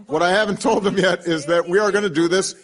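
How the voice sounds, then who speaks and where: High-voiced man joking with a crowd. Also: steady tone, fast, a bit bright, rough recording. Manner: playful, teasing. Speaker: speaker at public events. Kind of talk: joking speech to an audience.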